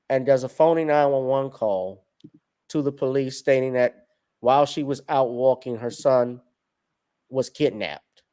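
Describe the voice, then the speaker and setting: A man's voice: mid-range voice, unhurried, dark tone, clear, resonant tone. A man hosting an online commentary show, talking casually and addressing his viewers directly.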